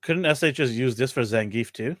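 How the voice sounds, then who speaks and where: A man co-hosting a toy show in casual chat, reading viewer comments and teasing with quick jokes. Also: mid-range voice, fairly bright tone, no room sound, clean studio sound.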